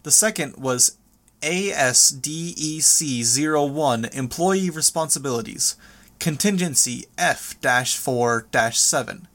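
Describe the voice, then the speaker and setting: A man narrating a first-person audiobook in a steady, measured reading voice. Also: mid-range voice.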